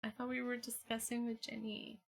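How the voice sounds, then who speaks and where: A young woman streaming from home, chatting casually with her viewers in a rambling, filler-heavy way with excitable bursts. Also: a little high, moderate pace, gravelly.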